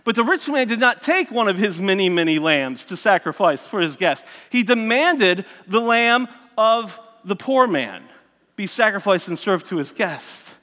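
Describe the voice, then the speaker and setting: A man preaching a sermon as a lively story, acting out the characters' voices and adding joking asides. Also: high voice, unhurried, big-room sound. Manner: animated, voices the characters, self-mocking asides.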